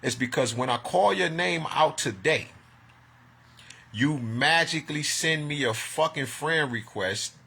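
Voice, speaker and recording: A raspy, gravelly man rants straight into his phone, agitated and swearing as he throws accusations around. His voice is hoarse yet bright and edgy. It is a vlog monologue. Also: on the high side, lively intonation, unhurried. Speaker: vlogger. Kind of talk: ranting monologue to camera.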